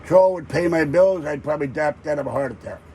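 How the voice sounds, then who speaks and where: A man's voice: fairly high pitch, a little fast, darkish tone, a little hiss or hum, poor audio. An older man hosting a livestream, ranting irritably in a rambling casual chat. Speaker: livestream host.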